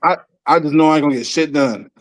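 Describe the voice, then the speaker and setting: A man on a casual group call, telling a relaxed story and doing quick impressions. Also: a little high.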